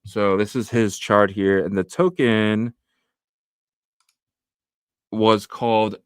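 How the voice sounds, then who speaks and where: A man's voice: lowish voice, little pitch movement, slow pace, clean tone, no room sound, clean studio sound. A man co-hosting a casual crypto livestream, reading news and viewer comments aloud with lots of fillers. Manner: reads tweets and news aloud with frequent fillers. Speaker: livestream co-host.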